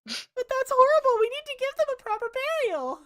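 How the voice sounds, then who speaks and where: A woman's voice: extremely high pitch, sing-song, fast, fairly bright tone, voice pushed up, full character voice. A woman voicing an earnest, anxious young male healer who fusses over everyone. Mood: fretful. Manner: anxious, solicitous.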